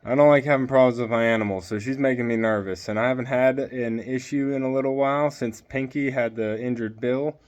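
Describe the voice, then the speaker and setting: A man vlogging from his homestead, talking softly and worriedly to a sick goat at the pen. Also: mid-range voice, fairly even intonation, fairly quick, few pauses, no echo. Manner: soft, worried, talks gently to his goats. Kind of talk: casual vlog with animals.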